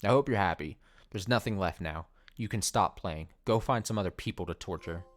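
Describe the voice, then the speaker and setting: A man reading aloud the lines of a heartbroken young woman from a game, in his own low voice with little acting. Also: a little fast, natural voice. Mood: pleading.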